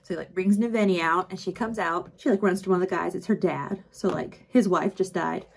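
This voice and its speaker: A book vlogger recaps a book while doing her makeup, chatting casually, stuffing every line with "like" and acting out quotes. Her voice is lowish and fairly even in intonation, brisk, with vocal fry and a breathy edge.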